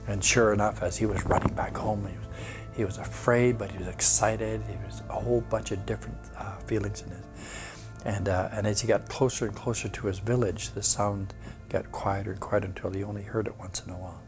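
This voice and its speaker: A man telling a traditional folk tale aloud, unhurried, often dropping to a whisper, with halting restarts. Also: lowish voice, steady tone, over music. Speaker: storyteller.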